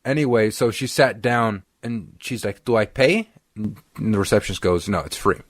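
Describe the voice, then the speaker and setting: Animated young man telling a story. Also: fairly low pitch, moderate pace, dry recording, studio quality. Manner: animated, acts out quoted voices. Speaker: podcast co-host. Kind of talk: casual storytelling chat.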